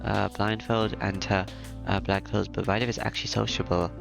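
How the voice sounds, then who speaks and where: Deep gravelly man reading a story. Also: moderate pace. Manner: plain, steady reading with frequent fillers and restarts. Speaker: reader of a visual novel. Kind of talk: reading a visual novel aloud. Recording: music playing behind.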